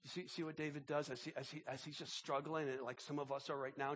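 A man preaching a sermon as pastor, impassioned and halting, often repeating words as he builds. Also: fairly high pitch, level tone, fairly bright tone.

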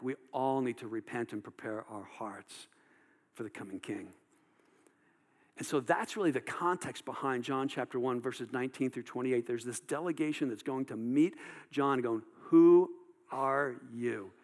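A man's voice: medium pitch, normal speed, big-room sound. A male pastor preaching a sermon in a loose, conversational way, full of fillers and restarts. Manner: conversational, many fillers and repeated words.

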